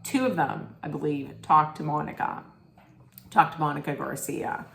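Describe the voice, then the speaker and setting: A woman's voice: sits low, normal speed, gravelly, fairly bright tone. Blunt woman ranting in a roomy echo. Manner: rambling, blunt, swears freely. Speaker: reality TV recap vlogger. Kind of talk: casual rant.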